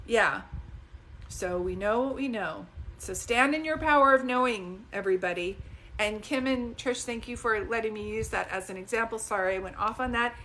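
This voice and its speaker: A woman psychic talks casually to her live-stream viewers in a chatty, digressive and animated way, into a phone. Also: fairly high pitch, moderate pace, a little hiss or hum. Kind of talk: casual livestream talk to viewers.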